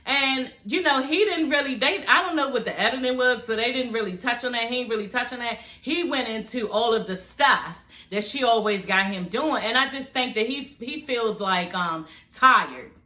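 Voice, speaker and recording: A woman's voice: fairly high pitch, normal speed, few pauses, pushed and bright, reverberant. A woman giving casual, sassy, profane reaction commentary on a reality show, talking straight to her viewers. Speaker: vlogger reviewing a reality show.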